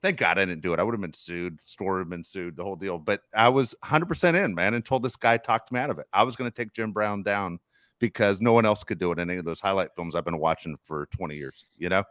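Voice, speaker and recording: A middle-aged man hosting a sports podcast, telling stories in casual, animated chat. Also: low voice, fast talker, no echo, clean studio sound. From Los Angeles area. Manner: storytelling, animated, swears casually. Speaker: podcast host.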